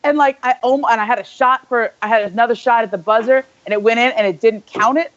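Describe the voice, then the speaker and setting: Animated young woman telling a story. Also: a little high, quick pace, highs cut off. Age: young adult. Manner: animated, filler-heavy storytelling with lots of "like". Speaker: podcast co-host. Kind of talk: casual storytelling chat.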